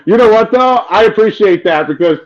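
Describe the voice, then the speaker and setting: A man talks in a loose, profane ramble, packed with filler words. His voice sits high for a man. The recording sounds dull and lo-fi. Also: animated, brisk. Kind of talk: crude comedic casual chat.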